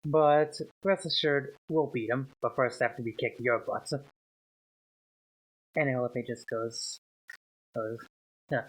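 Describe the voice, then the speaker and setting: A man's voice: medium pitch, fairly even intonation, slow, long pauses, rough recording. A man running a tabletop game as game master, narrating scenes and slipping into character lines between laughs, recorded over a voice call. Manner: laughing, voicing characters in passing.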